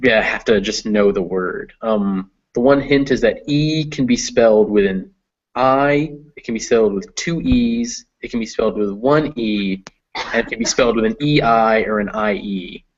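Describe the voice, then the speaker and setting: A man's voice: lowish voice, normal speed, highs cut off. A man tutoring a student in reading English, explaining patiently with many fillers. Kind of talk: one-on-one reading lesson.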